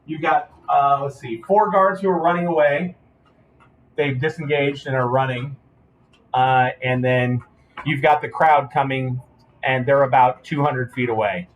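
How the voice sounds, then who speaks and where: A man narrating as game master, describing scenes in relaxed, halting phrases. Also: medium pitch, phone-quality sound. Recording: roomy room, distant mic, faint hiss.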